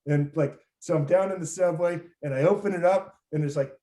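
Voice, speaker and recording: A man's voice: a little high, brisk, mellow. A man from Los Angeles with a slightly raised voice tells a personal story as a show host, rambling loosely and circling back with fillers. His voice rings with a roomy echo. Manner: rambling, many fillers and restarts.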